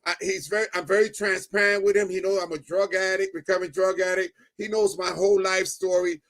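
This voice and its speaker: A middle-aged man giving a personal testimony as a guest, telling it in an animated way, acting out the dialogue and often checking in with "right?". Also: high voice, brisk. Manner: animated storyteller, keeps adding "right?"; acts out quoted dialogue.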